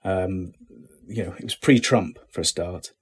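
Husky-voiced man chatting easily. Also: sits low, measured pace. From Britain. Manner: relaxed, self-deprecating, many restarts. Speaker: actor, interview guest. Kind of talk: casual interview chat.

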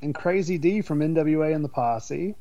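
Man, podcast co-host, profane rambling chat, slightly high voice, dry close mic. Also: normal speed, mellow, no room sound, lo-fi sound. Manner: profane, rambling, with fillers and restarts. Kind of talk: casual chat about an album.

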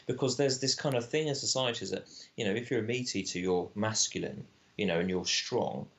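A man's voice: medium pitch, brisk, highs cut off. A man, a film director guest, arguing animatedly in casual conversation and often restarting his sentences.

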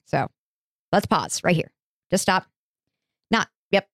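A woman's voice: lowish voice, slow pace, no room sound, studio quality. A woman hosting a podcast, telling a history story in a chatty, informal way and swearing casually. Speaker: podcast host.

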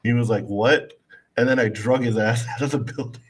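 A podcast co-host with a medium-pitched, slightly rough voice tells a story a little fast, in a laid-back way. His casual storytelling is full of "I was like" retellings.

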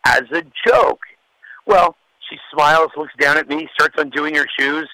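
A man who works as a radio DJ, sharing a heartfelt, reflective, halting tribute. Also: fairly high pitch, pushed and bright, no echo, poor audio. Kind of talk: recorded tribute message.

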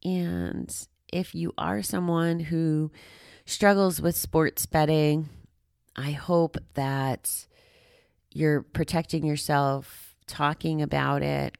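Female host, very low register, candid self-deprecating chat, dry recording. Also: vocal fry, smooth, dry recording. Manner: chatty, rambling, self-deprecating with frequent "like". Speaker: podcast host on gambling recovery. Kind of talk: casual personal talk to listeners. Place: walking outdoors.

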